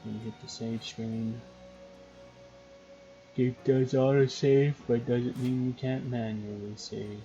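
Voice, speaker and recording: Mellow man narrating gameplay. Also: medium pitch, flat delivery, moderate pace, hardly any pauses. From Canada. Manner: reads on-screen game text aloud and comments on it. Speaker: gaming channel host. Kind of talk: casual let's-play commentary. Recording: dull lo-fi recording with faint game music.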